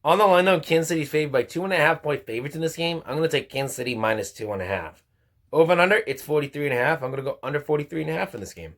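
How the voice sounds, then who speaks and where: A man hosting his own football picks show, talking through results and picks in an informal, halting way. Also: mid-range voice. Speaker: sports picks host. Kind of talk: casual football picks commentary.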